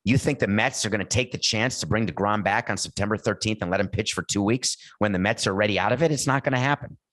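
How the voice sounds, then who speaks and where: A man's voice: lowish voice, fast, a bit bright, dry recording. A middle-aged man hosting a sports talk show, giving blunt, emphatic opinions off the cuff. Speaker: podcast host.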